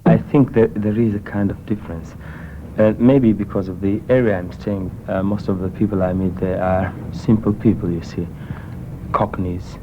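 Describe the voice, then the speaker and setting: Low-voiced Kenyan man, hesitant. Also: steady tone, normal speed, noisy background. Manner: hesitant, many restarts and fillers. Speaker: interviewee. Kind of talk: casual storytelling. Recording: muffled 1970s radio recording.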